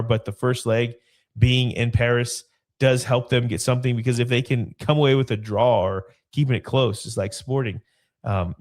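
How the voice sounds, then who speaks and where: A man hosting a casual football podcast alone, talking in a loose, rambling way with his voice gone hoarse. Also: mid-range voice. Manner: loose, rambling, with frequent fillers and restarts. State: hoarse, voice partly lost. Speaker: podcast host.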